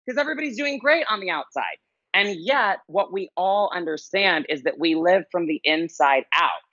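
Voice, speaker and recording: A man's voice: high-pitched, lively intonation, normal speed, pushed and bright, no echo, muffled recording. A man speaking as a life coach guest on a podcast, telling stories in an earnest, emphatic way and repeating his key phrases. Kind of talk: conversational interview storytelling.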